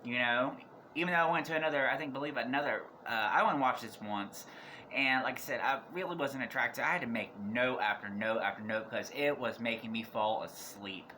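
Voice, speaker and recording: A man with a bright, forceful voice that is turning hoarse. He rambles through a casual movie review and keeps cutting himself off to start sentences again. Faint background noise sits under him. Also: mid-range voice, brisk. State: losing his voice.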